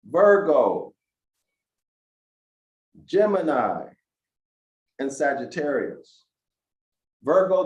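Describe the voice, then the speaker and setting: A man with a slightly high voice lectures slowly and emphatically, his rising into preachy questions to the listeners. The sound is dull and lo-fi, and an echoey room rings around him. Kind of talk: lecture to an online audience.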